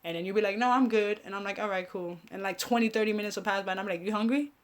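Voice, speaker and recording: A woman's voice: medium pitch, fairly even intonation, racing. Woman, young adult, live stream host, casual chat, profane, laughs a lot. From Caribbean family, raised speaking Spanish. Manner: profane, laughing, talks to viewers. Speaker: host of a live online show.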